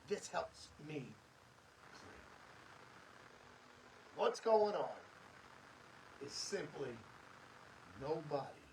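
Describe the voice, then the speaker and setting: A man's voice: fairly high pitch, very animated, extremely slow, long pauses, darkish tone, far from the mic, a little hiss or hum, rough recording. A middle-aged man hosting a podcast, giving an earnest, preachy motivational monologue with lots of emphatic repetition. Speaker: podcast host.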